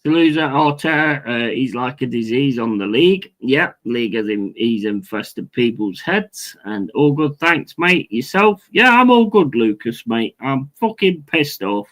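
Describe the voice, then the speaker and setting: A man's voice: mid-range voice, animated, unhurried, hardly any pauses, fairly bright tone, low-quality recording. A man hosting a football watch-along stream, ranting angrily and swearing constantly while he answers viewers. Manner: swears constantly, repeats himself, chats with viewers. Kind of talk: angry live-stream rant.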